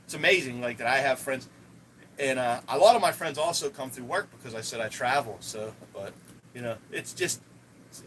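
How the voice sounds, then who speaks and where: A man's voice: mid-range voice, a bit bright, slight background noise, poor audio. A man chatting casually to viewers on a live stream, rambling with lots of restarts and fillers.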